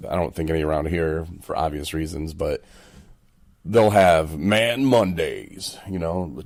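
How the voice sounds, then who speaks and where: A man's voice: deep voice, unhurried. A man co-hosting a casual recovery podcast, telling stories animatedly and laughing often. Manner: animated storyteller who acts out other people's voices. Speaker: podcast co-host. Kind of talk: casual chat.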